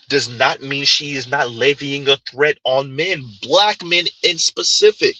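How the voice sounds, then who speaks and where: An animated man delivering reaction commentary at a slow, deliberate pace. His voice is forceful and a little husky. The sound is close and dry. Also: medium pitch, no echo, low-quality recording. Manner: animated, emphatic, repeats points. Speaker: commentary channel host.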